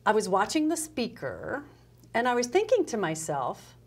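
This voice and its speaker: A woman's voice: mid-range voice, wildly swooping pitch, normal speed, husky. A middle-aged woman, a guest speaker in a casual interview, telling her story with animation and acting out her own past dialogue. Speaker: guest, customer service speaker.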